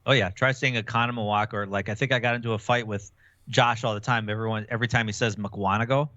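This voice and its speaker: A man's voice: lowish voice, steady tone, fast talker, bright, forceful tone, no room sound. A man from Wisconsin with a Wisconsin accent, co-hosting a casual podcast chat, teasing and laughing often. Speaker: podcast co-host. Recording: dull, dry lo-fi mic.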